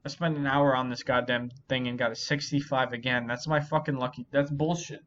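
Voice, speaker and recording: A drunk man talking alone to his viewers, loose and rambling, with profanity in nearly every sentence. He sounds sorry for himself, and his voice sits at an ordinary middle pitch. The recording is dull and muffled, with a faint hiss underneath. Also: fairly even intonation, brisk, a bit bright. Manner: profane, rambling, self-pitying. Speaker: channel host. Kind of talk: drunken solo commentary.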